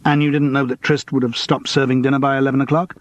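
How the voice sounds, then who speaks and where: A man's voice: medium pitch, level tone, quick pace, no room sound, dull audio, close to an everyday voice. A man reading an audiobook, voicing a middle-aged amateur sleuth who asks careful, probing questions.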